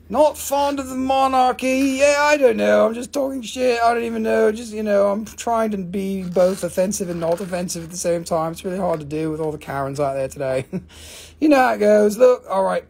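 A man's voice: sits high, creaky, a little mellow. A man hosting a live gemstone sales stream, rambling, joking and swearing as he calls out buyers and prices. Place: family-owned rock shop.

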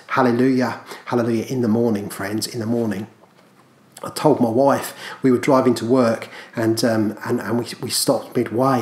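A man preaching a fervent sermon, often repeating hallelujah and friends and swinging between hushed and loud. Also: mid-range voice, echoey room.

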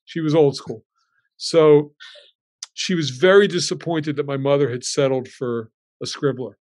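A man's voice: on the high side, measured pace, a little mellow. A man in his sixties, a guest telling family stories in a casual way and acting out his relatives' lines as he goes.

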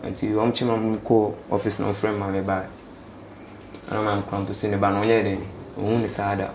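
In a casual interview, a young Ghanaian man speaks in a low, flat voice, halting and repeating himself as he mixes English with local words. The recording carries an echo and faint background noise.

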